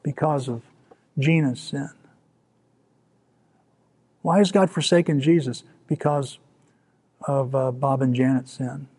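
A middle-aged man preaching a sermon as pastor, dropping to soft, quiet lines and rising for emphasis. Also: mid-range voice, steady tone, takes it slowly, pauses often, husky.

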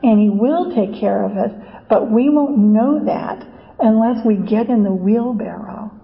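A woman preaching a sermon in a slow, reflective, earnest way. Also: fairly high pitch, vocal fry, dull audio.

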